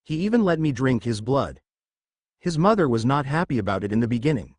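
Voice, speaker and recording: A haltingly ashamed young woman who craves blood, read out by a man in his own voice. The pitch moves a lot, and the sound is dry and close. This is storybook narration, not full acting. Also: very animated, darkish tone, husky, dry recording.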